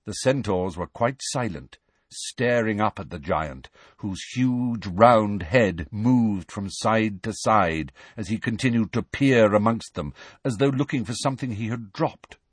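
A man's voice: lowish voice, unhurried, slightly rough, no echo. A man narrating an audiobook with a dramatic, varied storytelling delivery.

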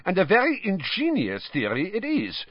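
A man's voice: high voice, wildly swooping pitch, moderate pace, breathy edge, pitched above the performer's own voice, exaggerated voice. A man voicing a cold, sneering male headmaster who speaks with mocking politeness, on slightly dull audio.

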